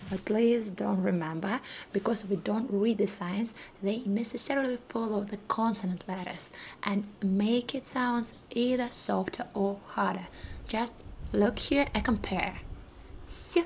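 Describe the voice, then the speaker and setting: A woman teaching a language lesson in a soft, unhurried voice, repeating sounds patiently and sometimes dropping into a whisper. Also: medium pitch, slight background noise. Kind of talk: softly spoken lesson.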